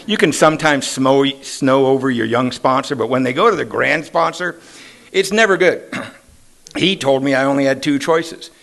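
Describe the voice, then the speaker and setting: A man in his sixties speaks at an AA meeting in a meeting hall, telling his own recovery story. His voice sits at medium pitch with a fairly bright tone, and he mixes in self-deprecating humor and casual questions to the audience.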